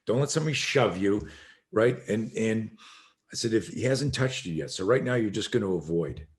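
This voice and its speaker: A middle-aged man, a self-defense instructor, telling an animated story as a podcast guest and acting out the voices of the people in it. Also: lowish voice, moderate pace. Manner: acts out quoted voices, swearing, emphatic.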